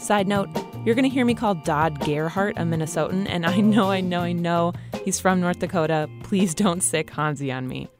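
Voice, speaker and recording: A woman's voice: on the low side, normal speed. A woman hosting a public radio podcast, reading a chatty, lightly joking intro and asking questions. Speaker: podcast host. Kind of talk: scripted podcast intro and interviewing. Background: music.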